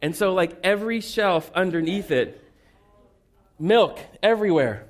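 Male pastor with a high speaking voice; conversational sermon built on humorous family stories. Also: expressive, normal speed. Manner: conversational, humorous, self-deprecating storytelling.

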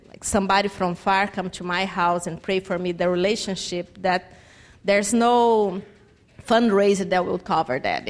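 A woman tells a personal testimony. Her delivery is animated, and her pitch climbs as she acts out the conversations she recounts. Her English has some phrasing, and her voice sits in a middle register. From Brazil. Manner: animated storytelling, acts out quoted dialogue, non-native phrasing. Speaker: church mission trip member.

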